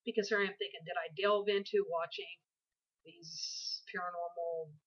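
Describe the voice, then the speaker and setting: A woman's voice: on the low side, fairly even intonation, normal speed, breathy edge, lo-fi sound. A tired woman in her forties telling a story to her camera from her bed at home, rambling and chatty with many asides. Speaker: vlogger. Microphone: built-in camera microphone.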